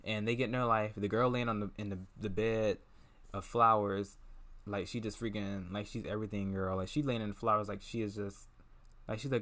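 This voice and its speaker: A young man casually retelling a film's plot, animated and gossipy, with sassy asides and squealed imitations. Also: on the low side, fairly quick. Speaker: movie reviewer.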